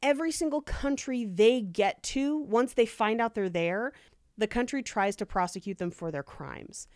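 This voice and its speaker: A woman's voice: on the high side, moderate pace, a little mellow, no echo, studio quality. A woman co-hosting a casual podcast, telling a story in a chatty way with many "like"s and easy laughs. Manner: chatty, lots of "like", laughs easily.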